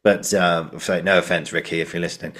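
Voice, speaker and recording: A man's voice: sits low, little pitch movement, a little fast, a bit bright. A man hosting a casual podcast conversation, rambling and padding his thoughts with fillers, laughing as he retells jokes. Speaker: podcast host.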